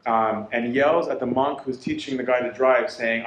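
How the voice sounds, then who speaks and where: A man's voice: mid-range voice, brisk, few pauses, a little hiss or hum. Storytelling man in an echoey room. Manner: animated storytelling, quoting others in dialogue. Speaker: lecturer. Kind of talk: storytelling lecture.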